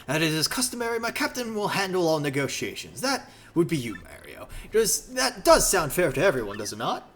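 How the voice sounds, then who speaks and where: A man's voice: a little high, sing-song, fairly quick, few pauses, a bit bright, a little hiss or hum, pitched above the performer's own voice. A man voicing a pompous, flamboyant male ship captain in a video game with a grand, theatrical manner. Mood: imperious.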